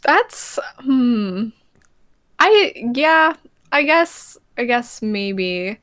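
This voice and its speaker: A woman's voice: fairly high pitch, big pitch swings, drawn-out words, a bit bright, dry recording, studio quality. A woman, an ASMR streamer, chatting as an interview guest in a bubbly, giggly way, full of "like" and acted-out quotes. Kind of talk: casual interview chat.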